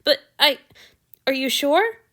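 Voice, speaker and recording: A woman's voice: sits high, animated, slow, bright, forceful tone, pitched above the performer's own voice, heavily acted. A woman voicing a timid, polite young male servant in a fan fiction reading, speaking hesitantly and apologetically. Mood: flustered.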